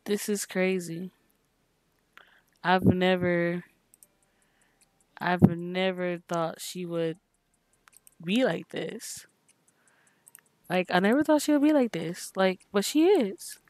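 A woman hosting her gaming channel, giving casual commentary in an exasperated, expressive, scolding way. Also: lowish voice, slow, long pauses, no echo.

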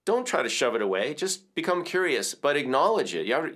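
A man giving a reflective teaching talk as a music educator and podcast host, speaking gently and conversationally and often checking in with the listener. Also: fairly high pitch, sing-song, fairly quick, hardly any pauses.

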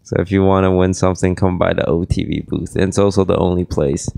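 Deep gravelly man losing his voice. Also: fairly even intonation, quick pace, dark tone, no echo, clean studio sound. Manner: rambling, self-deprecating, reads ad plugs casually. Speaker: podcast host. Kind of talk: casual podcast chat.

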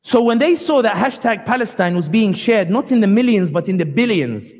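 A man's voice: high voice, expressive, fairly quick, darkish tone. Passionate male lecturer in a hall. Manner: passionate, sarcastic, acts out quotes. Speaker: guest speaker. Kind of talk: public lecture. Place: community hall. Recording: long hall reverb.

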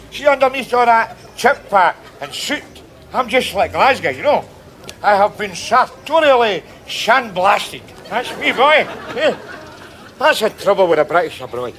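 In full character voice, a man with a high, slightly bright tone performs sitcom lines in a Glaswegian accent as a boastful, scruffy holidaying worker. He rambles with cheeky, chuckling asides, over slight background noise.

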